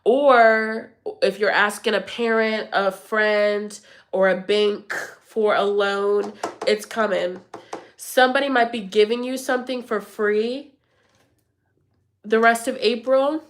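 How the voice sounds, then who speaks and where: A woman's voice: medium pitch, steady tone, slow. A young woman doing a casual tarot reading for viewers, chatty and slangy, with a congested voice. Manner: chatty, slangy and playful, laughs often. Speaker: tarot reader.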